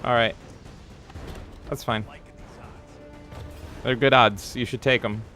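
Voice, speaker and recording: A man's voice: mid-range voice, fairly even intonation, slow, pushed and bright, soft background music. A man streaming a video game, chatting casually and playfully with swearing while reading viewer comments aloud. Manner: playful, profane, reads chat aloud. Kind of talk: casual live-stream chat.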